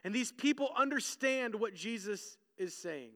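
Male pastor, very high and bright voice, animated sermon delivery, reverberant hall sound. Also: measured pace. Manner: animated preaching, acts out voices of the crowd.

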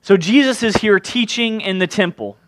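A male preacher giving a sermon, retelling a scripture story in a casual, joking, animated way. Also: high voice, moderate pace, noisy background.

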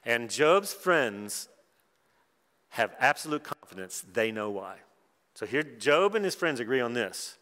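A man's voice: mid-range voice, sing-song, measured pace, sharp tone. A middle-aged man preaching at a conference in a conversational way, with wry asides. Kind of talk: conference sermon. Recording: long hall reverb.

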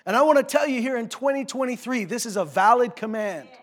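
A man from North America preaching a sermon, with impassioned swings from hushed asides to shouted commands and low mocking voices for quoted complaints. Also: brisk. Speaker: pastor.

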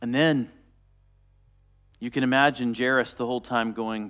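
A man preaching a sermon, retelling a story and dropping to a soft, quiet voice for quoted words. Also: medium pitch, steady tone, moderate pace, pauses often, smooth. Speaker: pastor.

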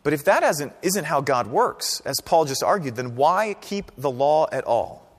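A pastor preaching a sermon in a conversational, animated way, often checking in with the congregation. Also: male voice, on the high side, unhurried, in a large hall. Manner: conversational, animated preaching with frequent "right?" and "okay?".

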